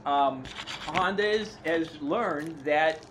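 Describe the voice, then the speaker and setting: A man's voice: fairly high pitch, takes it slowly, background noise. A man co-hosting a podcast in casual chat, teasing his partner and laughing often while he makes long, rambling points. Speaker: podcast co-host. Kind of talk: casual chat about motorcycle racing.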